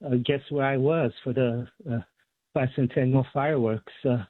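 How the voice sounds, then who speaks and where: A man's voice: medium pitch, steady tone, no room sound. Bay area guy calling into a radio show, rambles, lots of ums, tinny phone line, dry. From San Francisco Bay Area. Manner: rambling, many uh and um pauses. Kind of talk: phone call to a talk show.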